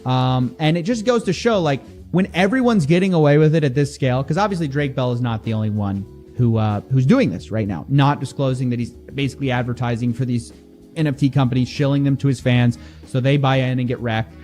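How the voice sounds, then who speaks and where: Over soft background music, a man with a mid-range voice speaks briskly to camera as an investigative internet commentator. His delivery is animated and exasperated, and he mocks the voices of those he quotes.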